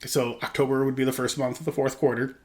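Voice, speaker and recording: A man in mid-range pitch co-hosting a laid-back podcast, chatting loosely over beers. He rambles through his stories with plenty of "like" and quoted asides. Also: flat delivery, quick pace. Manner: rambling, chatty storyteller with lots of "like" and "I'm like". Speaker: podcast co-host. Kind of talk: casual chat over beers.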